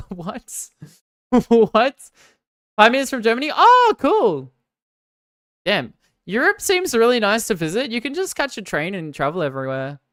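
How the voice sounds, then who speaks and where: A woman's voice: on the high side, very animated, moderate pace, dry recording, clean studio sound. A young Australian woman streamer from Victoria, chatting casually and sarcastically with her viewers. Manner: joking, sarcastic, loud bursts of protest. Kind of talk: casual live-stream chat reading viewer comments.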